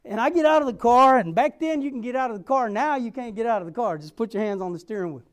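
A young man preaching a sermon, telling a personal story and acting out the dialogue with lively energy. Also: very high-pitched, quick pace, a little hiss or hum. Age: young adult. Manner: repeats a rallying question.

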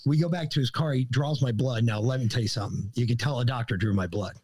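A man's voice: mid-range voice, quick pace, darkish tone, husky. A man, a podcast guest, telling a casual and profane story with jokes. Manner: profane, joking anecdotes.

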